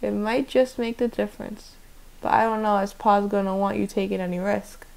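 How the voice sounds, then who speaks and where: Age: teen boy. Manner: folksy, hushed urgency. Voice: gravelly edge , a woman reading. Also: medium pitch, level tone, normal speed, lightly acted, poor audio. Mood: hesitant. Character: earnest country teenage boy, urgent.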